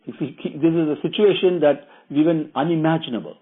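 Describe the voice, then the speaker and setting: A man retells a religious epic in a loose, rambling way, restating phrases and filling pauses with "uh." His voice is husky, and the recording is thin and tinny, like a phone line. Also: fairly high pitch. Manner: rambling, repeats himself with many fillers. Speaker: storyteller.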